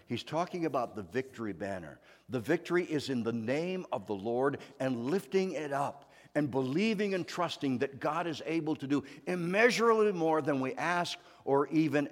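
A male pastor giving a sermon, telling stories dramatically, going from loud to hushed. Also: mid-range voice, expressive, moderate pace, hardly any pauses. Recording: hall with long reverb.

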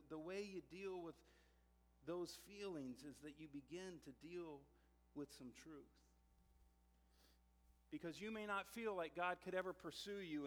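A man's voice: sits high, a bit bright. A man preaching a sermon as pastor, telling a personal story in a conversational way, often repeating and restarting words. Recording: long hall reverb.

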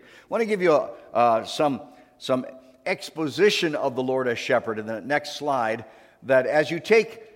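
A male pastor preaching a sermon in a church, talking in a conversational way and leading the congregation in call-and-response. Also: a little high. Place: church sanctuary. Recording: long hall reverb.

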